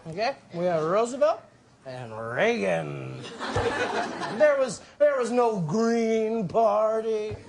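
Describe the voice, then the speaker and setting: An actor playing a drunk, rambling uncle who rants that the old days were better, in a TV comedy sketch. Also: male voice, high voice, very animated, takes it slowly, vocal fry, exaggerated voice. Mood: grumbling. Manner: slurred, rambling, ranting about the old days. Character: drunk grumbling nostalgic middle-aged male uncle. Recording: played-back TV clip with loud hiss.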